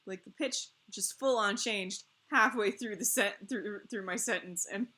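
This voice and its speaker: A woman co-hosting a game stream, chatting casually in a rambling, animated way and laughing often between phrases. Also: mid-range voice, a little slow. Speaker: stream co-host.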